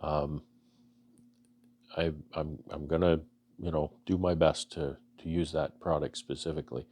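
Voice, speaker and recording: A man from Canada, a beekeeper vlogger, talking to his viewers in a halting, earnest way with many restarts, emotional and choking up. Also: very deep voice, steady tone, darkish tone, husky. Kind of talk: casual heartfelt talk to camera.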